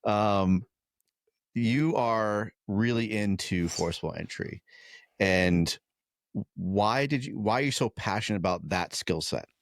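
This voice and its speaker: A man's voice: low-pitched, measured pace, gravelly, no room sound, studio quality. A man hosting a podcast interview, talking in an easygoing, affirming way with frequent fillers. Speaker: podcast host. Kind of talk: conversational interview.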